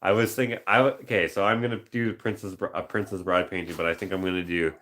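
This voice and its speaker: A man painter chatting casually on a live stream, musing aloud over viewer suggestions and slipping into quick movie-quote voices. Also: deep voice, fairly even intonation, a bit bright, a little hiss or hum. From Canada.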